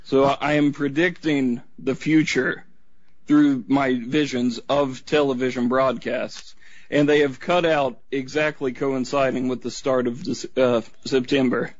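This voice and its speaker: A man's voice: mid-range voice, fairly even intonation, measured pace, no echo. A man calling a radio show, telling his story in a casual, rambling way. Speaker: caller. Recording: dry, dull lo-fi line.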